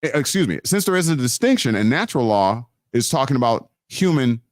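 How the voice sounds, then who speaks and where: The host of a live teaching stream talks a little quickly in a mid-range voice full of big pitch swings, recorded at studio quality with no echo. His preaching on law and scripture is emphatic, with frequent restarts and key phrases said again and again.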